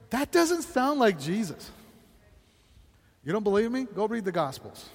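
A man's voice: very high-pitched, lively intonation, moderate pace, in a large hall. A man preaching a sermon as pastor, conversational, often laughing and asking the congregation questions.

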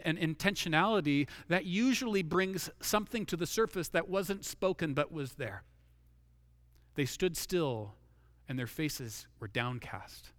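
A middle-aged man delivers a sermon in a high, bright voice, recorded close and dry. He is earnest and keeps returning to his key phrases, sinking lower and slower to drive them home. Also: dry recording. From Washington state. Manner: earnest, repeats key phrases, drops low and slow for emphasis. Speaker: pastor.

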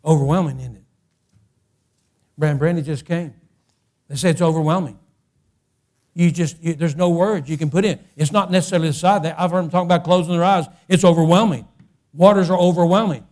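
A man pastor preaching a sermon, often repeating and restarting phrases and climbing to loud, impassioned peaks. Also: on the high side, fairly even intonation, fairly quick, long pauses.

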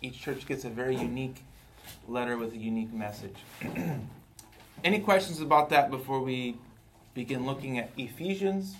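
A man teaching a Bible study group in a relaxed, conversational way, often repeating words and checking in with his listeners. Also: medium pitch, normal speed, slight background noise.

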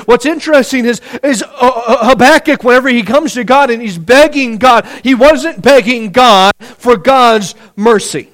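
Preacher guy, real high voice, earnest, keeps repeating words as he builds up. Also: normal speed, hardly any pauses, fairly bright tone. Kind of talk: sermon.

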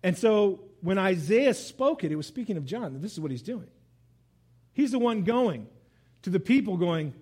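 A man preaching a sermon in an animated, conversational way, mixing scripture reading with casual asides. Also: high-pitched, moderate pace, slightly rough. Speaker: pastor.

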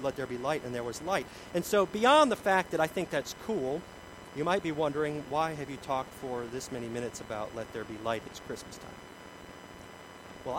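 A middle-aged man preaching a sermon, telling stories about himself in an animated way, with big swings in loudness. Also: mid-range voice, noisy background. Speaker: pastor.

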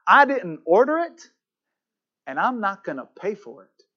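A man's voice: high voice, sing-song, unhurried, lo-fi sound, voice pushed up, heavily acted. A man voicing a puzzled, fussy northern traveler who sounds indignant.

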